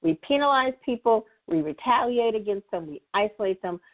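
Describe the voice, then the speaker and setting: She speaks briskly, her voice on the high side and lively in tone. As a guest nonprofit consultant and facilitator, she walks through a conversational discussion, echoing key phrases to stress her points, over a tinny phone-like line.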